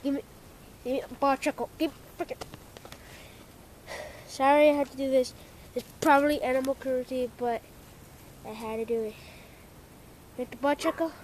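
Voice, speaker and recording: A young woman vlogger with a high-sitting voice and fairly even intonation talks at normal speed, pausing often. She's filming a casual home video, calling out and swearing at her dog in playful exasperation while addressing the camera. A little hiss or hum runs underneath.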